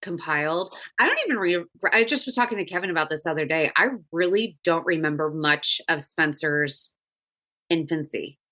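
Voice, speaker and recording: A woman in her thirties hosting a relaxed podcast chat, with a fairly low but bright, forceful voice. She tells everyday stories in a chatty way and laughs easily. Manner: chatty, storytelling, quick to laugh. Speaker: podcast host.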